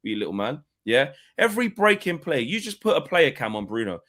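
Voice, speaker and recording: A man's voice: a little high, big pitch swings, a little fast, fairly bright tone. A man co-hosting a casual live football chat. He swears freely and acts out players' rants. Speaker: football podcast co-host.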